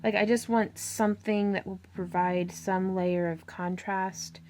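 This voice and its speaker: A woman's voice: medium pitch, little pitch movement, unhurried, hardly any pauses, a little mellow, soft background music. A woman hosting a crafting tutorial, chatting casually and thinking aloud as she works. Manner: chatty, thinking aloud, with fillers and little laughs.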